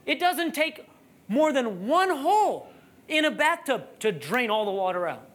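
A preacher giving a sermon, telling a lively personal story and then building to emphatic, raised-voice preaching. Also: high voice, unhurried.

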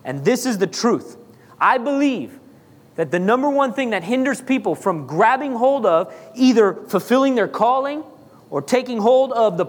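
Guy preaching a sermon, pretty high voice, lots of questions and repeating himself, big echoey hall. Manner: emphatic preaching with rhetorical questions and repetition. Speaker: pastor. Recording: long hall reverb.

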